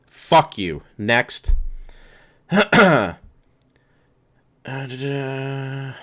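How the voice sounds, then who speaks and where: A man's voice: on the low side, clear, resonant tone. A man ranting angrily and profanely while reading rules aloud in a vlog. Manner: profane, exasperated, sarcastic. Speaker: vlogger.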